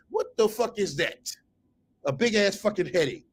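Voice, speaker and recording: A man's voice: high-pitched, expressive, normal speed, breathy edge. Male commentary host with a slightly raised voice who reads posts aloud and tears into them with foul-mouthed mockery. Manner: profane, mocking, incredulous rants; breaks into laughter at times. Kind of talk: reading a post aloud and reacting.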